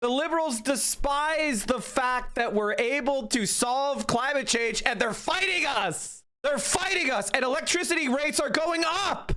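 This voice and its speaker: A man streaming live, reacting to a clip with angry, profane rants and bursts of yelling. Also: extremely high pitch, a little slow, hardly any pauses. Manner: yells in bursts.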